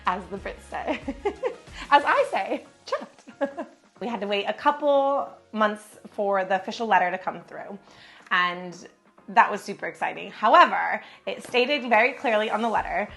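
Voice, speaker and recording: Give me a bubbly American woman in her thirties, chatting casually with an average-pitched voice and lots of laughs. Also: lively intonation, unhurried, a bit bright, faint music behind. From United States. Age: 30s. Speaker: vlogger. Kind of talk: casual vlog chat.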